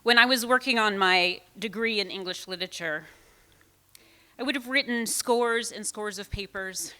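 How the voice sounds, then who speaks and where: A woman reads a prepared memorial tribute in an earnest, measured way, close to tears. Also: medium pitch, pushed and bright. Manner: earnest, emotional, measured delivery. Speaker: reader giving a tribute at a memorial. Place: bookstore event space with an audience. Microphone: handheld mic at a live event.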